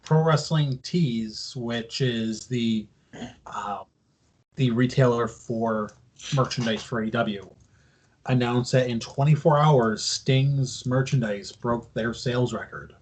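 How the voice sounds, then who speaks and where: Husky man explaining wrestling news. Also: mid-range voice, slow. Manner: explains at length, casual and profane. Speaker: podcast co-host. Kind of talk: casual wrestling podcast chat.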